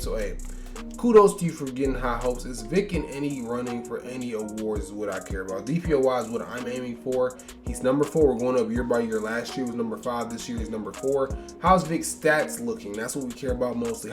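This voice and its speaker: Casting: young gaming YouTuber, mid-pitched, tired and rambling, soft music underneath. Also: male voice. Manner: chatty, rambling, reacts to stats, tired and yawning. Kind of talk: casual sports game commentary.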